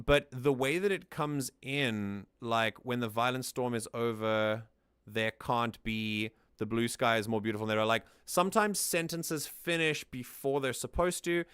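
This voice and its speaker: A man's voice: medium pitch, normal speed, a bit bright, clear, resonant tone, dry recording, clean studio sound. A man hosting a casual music analysis, explaining thoughtfully and often restarting his sentences. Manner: sings lines back to demonstrate. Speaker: music reaction host.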